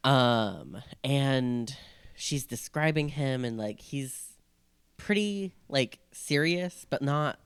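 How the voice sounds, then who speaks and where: Clear-voiced man co-hosting a podcast. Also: medium pitch, lively intonation, slow, no echo. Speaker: podcast co-host. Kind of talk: casual chat.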